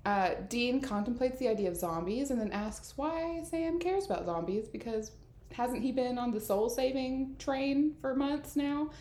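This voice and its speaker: A woman's voice: a little high, lively intonation, moderate pace, mellow. A woman co-hosting a casual podcast, teasing and laughing often as she summarizes the episode. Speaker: podcast co-host. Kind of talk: casual recap chat. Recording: echoey room.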